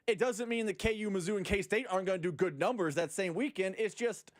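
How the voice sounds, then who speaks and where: A man's voice: sits high, a little fast, dry recording, clean studio sound. A man co-hosting sports talk radio, explaining his opinions in a casual way.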